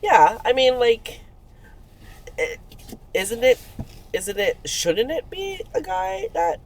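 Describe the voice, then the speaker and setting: A woman's voice: high voice, sing-song, slow, vocal fry. A woman co-hosting a casual podcast chat, asking questions and reacting.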